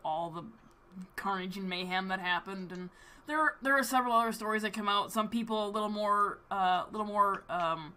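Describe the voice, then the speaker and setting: Woman game master, bright chatty narration, faint hiss. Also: medium pitch, fairly quick. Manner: chatty, laughs through her narration.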